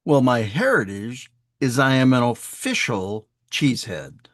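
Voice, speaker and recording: A man's voice: medium pitch, a little slow, no echo, studio quality. A middle-aged man from Wisconsin, a sales trainer and speaker, telling upbeat stories as a guest on an online talk show. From Wisconsin, USA. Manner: upbeat, animated storytelling with acted quotes.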